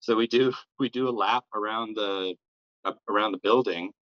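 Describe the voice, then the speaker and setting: A man's voice: fairly low pitch, steady tone, normal speed, dry recording, highs cut off. A young man telling a casual, rambling story as an interview guest, sprinkling "like" and swearing throughout. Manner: rambling, heavy use of "like" and swearing.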